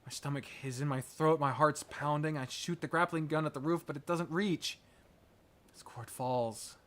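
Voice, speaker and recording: A man's voice: a little high, normal speed, fairly bright tone, slight background noise. A man streaming a story game, reading first-person narration dramatically and breaking off with swearing and jokes.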